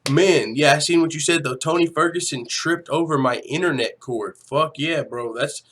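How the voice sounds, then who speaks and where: A man's voice: fairly high pitch, moderate pace, a bit bright. A young man hosting a casual livestream from home, talking loosely, swearing freely and reading viewers' chat aloud. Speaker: livestream host.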